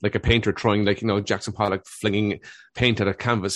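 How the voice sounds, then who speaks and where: Male guest, earnest explainer, rapid delivery. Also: on the low side, level tone, dry recording, clean studio sound. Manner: earnest, explanatory, repeats words as he thinks. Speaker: guest, family therapist. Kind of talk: reflective conversational interview.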